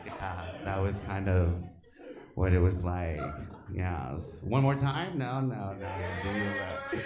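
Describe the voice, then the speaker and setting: A man in his thirties doing a stand-up comedy set on stage, flamboyant and camp, breaking into loud shrieks. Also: sits low, slow pace, over music. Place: comedy theater stage with live audience. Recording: echoey live comedy room.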